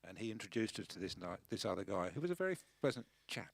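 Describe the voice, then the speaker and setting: A man's voice: lowish voice, big pitch swings, quick pace, creaky, no room sound. An English man in a band, telling anecdotes in casual banter between songs. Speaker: band member. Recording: loud band music behind. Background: guitar music.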